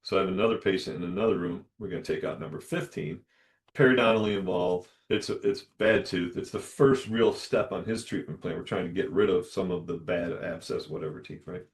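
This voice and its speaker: Lower-voiced man telling a lively story. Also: a little fast. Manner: animated, acts out dialogue in lively voices. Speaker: dentist podcast host. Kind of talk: solo storytelling monologue.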